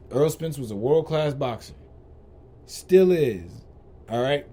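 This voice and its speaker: A man's voice: fairly high pitch, dark tone. A man hosting a podcast, ranting in a heated, profane way and repeating rhetorical questions. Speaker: podcast host. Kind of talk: ranting commentary.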